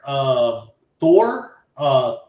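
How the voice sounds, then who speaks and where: A man hosting a podcast, recapping an anime episode in a casual, animated way and acting out characters' lines. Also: mid-range voice, very slow, reverberant. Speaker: podcast host.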